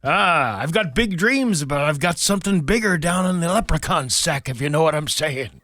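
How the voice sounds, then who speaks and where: A man's voice: a little high, lively intonation, moderate pace, bright, forceful tone, dry recording, pitched below the performer's own voice. A male radio host playing a drunken, lecherous leprechaun with a fake Irish accent, in a bawdy morning radio comedy bit. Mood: leering. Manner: bawdy, boisterous, slurring joker. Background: bar sound effects.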